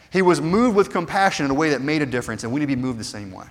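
A man preaching a sermon earnestly, moving from hushed passages to fervent, rising appeals. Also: fairly high pitch, expressive, racing, few pauses. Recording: long hall reverb.

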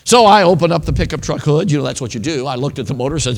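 A man's voice: a little high, fast, creaky, a bit bright. A male preacher telling a story in a sermon, talking casually and often checking in with his audience. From northern United States. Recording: long reverb of a large hall.

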